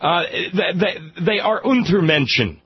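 A man's voice: sits high, animated, a little slow, husky. A man hosting call-in talk radio, speaking in an impassioned, emphatic way and often restarting his sentences. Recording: dull lo-fi radio broadcast.

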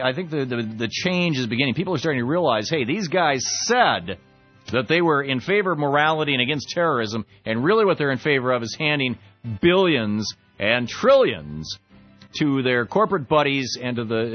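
A man's voice: medium pitch, sing-song, fairly quick, faint music behind. A man hosting a political call-in radio show, emphatic and opinionated, often repeating words as he talks. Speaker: radio talk show host. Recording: slightly muffled radio broadcast.

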